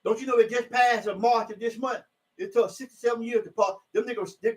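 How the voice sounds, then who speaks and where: A man preaching informally from scripture in a loose, repetitive way, rising to emphatic shouts when he reads the verses. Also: very high voice, steady tone, a little fast. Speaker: self-styled preacher.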